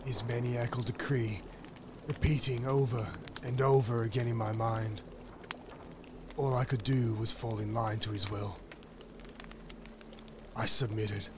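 A man playing a devout wizard narrating his tale in a solemn, mock-epic way, at times shouting proclamations. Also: medium pitch, background noise, lightly acted. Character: wizard narrator, devout, obsessive, later frenzied. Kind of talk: first-person dramatic storytelling.

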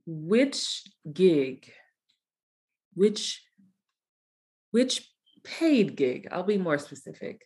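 A woman's voice: fairly low pitch, big pitch swings, extremely slow, long pauses, a little mellow. Encouraging female podcast host. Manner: encouraging, asks careful questions. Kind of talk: casual interview.

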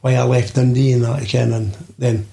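A man's voice: medium pitch, level tone, normal speed, creaky, warm tone. An older man with a Scottish accent, a podcast guest telling rambling stories and swearing freely. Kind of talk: anecdotal storytelling.

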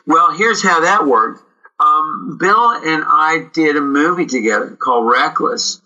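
A man, an actor, telling rambling, animated stories in an interview, with many fillers and restarts. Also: on the high side, a little slow, lo-fi sound. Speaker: actor, guest. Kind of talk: casual storytelling interview.

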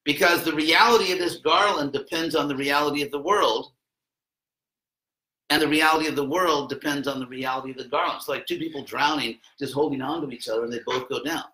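A man's voice: a little high, a little fast, sharp tone, roomy sound, low-quality recording. A man giving an informal classroom lecture in a rambling, conversational way, with wry asides.

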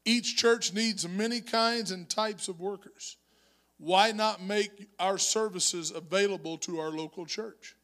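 A male pastor preaching a sermon in church, moving from conversational storytelling to shouted exhortation. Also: high-pitched, unhurried. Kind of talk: Pentecostal-style preaching. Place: church sanctuary.

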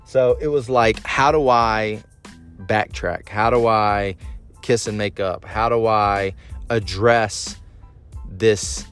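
A man's voice: lowish voice, clear, resonant tone. Self-critical man, candid solo podcast. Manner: self-critical, animated, quotes his own angry outbursts. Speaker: podcast host.

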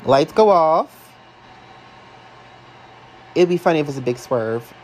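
Man, a bit high-pitched, excitable, emotional, sassy, casual reaction chatter. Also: slow pace, slight background noise, low-quality recording. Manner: casual and sassy, calls listeners y'all and honey. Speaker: wrestling fan vlogger. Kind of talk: live reaction commentary.

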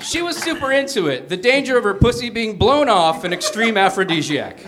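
A man reading a comic story aloud on a small theater stage before a live audience, with an animated delivery. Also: sits high, fairly quick. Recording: noisy live stage recording.

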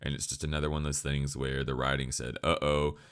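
A man's voice: rumbling low, little pitch movement, fast talker, clean tone. A young man giving a blunt, profane, sarcastic anime review in casual ranting commentary.

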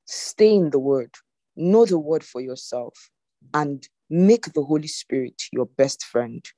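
A woman's voice: on the low side, warm tone, no echo. A woman preaching an earnest, exhorting sermon to an online congregation over a video call. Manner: earnest, exhorting, often rising in emphasis. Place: online meeting.

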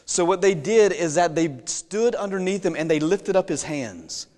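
A man's voice: high voice, animated, normal speed, a little mellow. A man preaching a sermon, retelling a Bible story in a folksy way with jokey asides and questions to the congregation. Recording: long reverb in a large hall.

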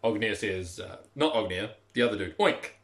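A man's voice: on the low side, lively intonation, normal speed, a bit bright. Chatty man running a tabletop game. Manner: loose, chatty, full of fillers. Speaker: game master.

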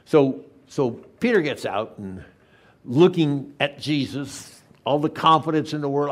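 A man preaching a sermon, retelling a story with animated, acted-out asides in a church. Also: a little high. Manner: animated storytelling, acting out the disciples in quick lively asides. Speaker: pastor.

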